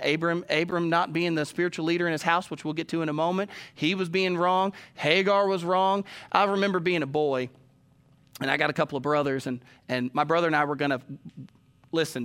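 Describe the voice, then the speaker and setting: High bright-voiced male preacher. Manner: storytelling, addresses congregation directly. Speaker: pastor. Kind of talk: sermon.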